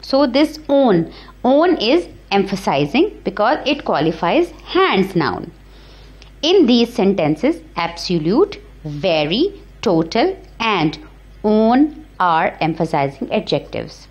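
A woman teacher giving a grammar lecture, explaining each example slowly and repeating it. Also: medium pitch, sing-song, a little mellow. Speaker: English teacher. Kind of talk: recorded classroom grammar lecture. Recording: slightly dull lo-fi recording.

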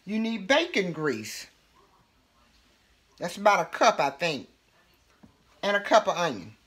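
Slow-talking Southern woman cooking host. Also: fairly low pitch, big pitch swings, a bit bright, husky. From Alabama, US. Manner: homey, chatty, drawn-out words. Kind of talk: casual cooking demonstration.

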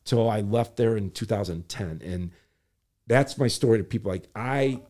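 A man's voice: on the low side, moderate pace, mellow. An older man, a former city planner, telling a long story in an interview and acting out the people he quotes.

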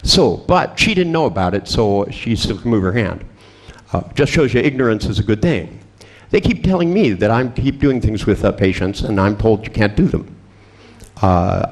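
A man with a low voice and a gravelly, fry-laden edge tells stories at a seminar. He speaks as a hypnotist, with a wry, boastful humor and frequent chuckles. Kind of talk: anecdotal storytelling lecture.

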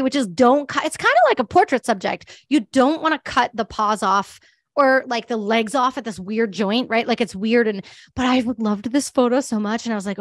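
A chatty woman speaking in a fairly high voice, presenting to an audience. She talks loosely, packed with fillers and quick laughs. The sound is dry and close. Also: animated, dry recording. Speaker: guest speaker, pet photographer.

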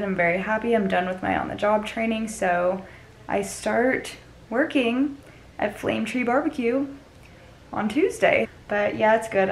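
A young woman vlogging in a casual, gushing, excitable way at an outdoor theme park. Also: mid-range voice, creaky, a little hiss or hum, poor audio. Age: young adult. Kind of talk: casual vlog.

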